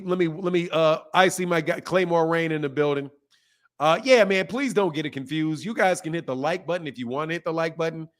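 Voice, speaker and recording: A man's voice: fairly high pitch, a bit bright. Laid-back man hosting a call-in show. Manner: laid-back, chatty, slangy. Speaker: host. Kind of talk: live call-in boxing show.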